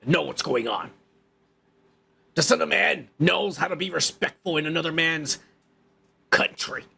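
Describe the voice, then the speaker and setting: A man's voice: fairly high pitch, measured pace, creaky, pushed and bright, husky. A male podcast host ranting in crude, heated commentary, swearing and repeating himself.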